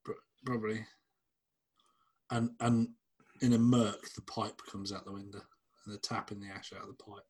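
A man's voice: on the low side, flat delivery, moderate pace, long pauses, darkish tone, slightly rough. A man co-hosting a casual podcast, teasing his partner and ranting with plenty of swearing. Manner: teasing, ranty, swears freely. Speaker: podcast co-host. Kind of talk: casual chat.

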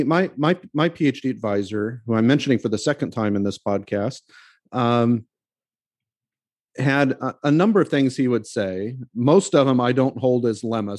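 A man, a professor, co-hosts a podcast in a relaxed, conversational manner. He drifts through his points with fillers and small restarts, speaking at an average pitch. The sound is dry and close, with no room echo. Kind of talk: casual podcast chat.

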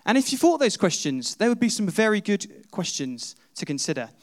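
A man's voice: high voice, very animated, moderate pace. A man preaching a sermon, retelling a story in the second person with rhetorical questions.

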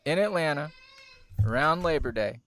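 A man co-hosting a podcast in casual chat, wordy and deadpan, with frequent "um"s. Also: a little high, moderate pace. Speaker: podcast co-host.

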